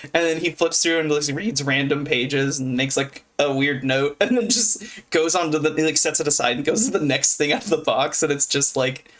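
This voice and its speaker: A man's voice: fairly high pitch, normal speed, fairly bright tone. Giggly, rambling man on a podcast. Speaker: podcast co-host. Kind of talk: casual podcast chat. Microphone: own mic, muting at times.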